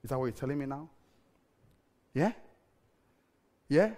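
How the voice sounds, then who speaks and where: A middle-aged man, preaching a sermon full of stories, animated and laughing, sometimes breaking into shouted prayer. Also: medium pitch, a little slow. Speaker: pastor. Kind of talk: storytelling sermon.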